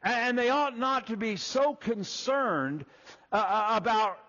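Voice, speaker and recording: A man preaching a sermon, folksy and animated, acting out little quoted voices as he walks through Scripture. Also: very high voice, unhurried, highs cut off. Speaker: pastor.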